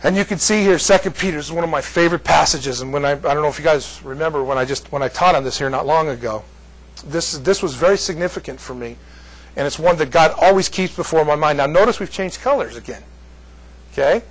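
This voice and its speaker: Male Bible teacher, higher voice, loose and chatty with the class. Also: quick pace, low-quality recording. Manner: chatty, jokey asides to the class.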